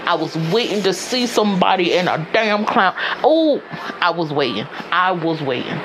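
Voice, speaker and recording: A woman chatting casually, animated and indignant, swearing freely. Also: fairly low pitch, moderate pace, slight background noise. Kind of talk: casual chat.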